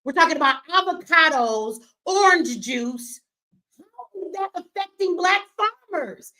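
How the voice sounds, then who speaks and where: Heated high-voiced woman ranting at her chat. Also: animated. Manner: confrontational, profane, swings between yelling and slow emphatic explaining. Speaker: livestreamer answering her chat; business owner. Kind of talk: heated live-stream rant to viewers.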